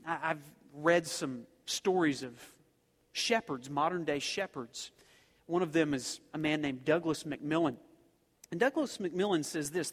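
A man preaching a sermon to a congregation, emphatic and full of rhetorical questions. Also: fairly high pitch. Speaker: pastor. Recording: long hall reverb.

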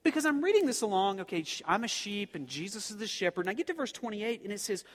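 A pastor preaches to the congregation in a high, sing-song voice, talking fast with hardly any pauses, emphatic and heavy on rhetorical questions. Long hall reverb is audible throughout.

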